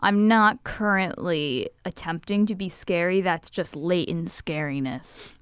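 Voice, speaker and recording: Smooth-voiced woman playing a tabletop game. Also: on the low side, unhurried, dry recording, clean studio sound. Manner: playful, says "like" a lot. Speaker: player. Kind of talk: casual tabletop role-play.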